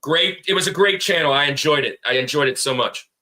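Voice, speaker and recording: A man's voice: fairly high pitch, a little fast, pushed and bright. A man co-hosting a casual podcast, rambling and laughing as he tells stories. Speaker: podcast co-host.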